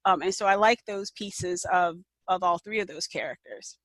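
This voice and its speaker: A bright, blunt woman on a panel. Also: on the low side, normal speed, no room sound. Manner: blunt and dismissive. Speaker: author on a panel. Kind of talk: casual panel discussion.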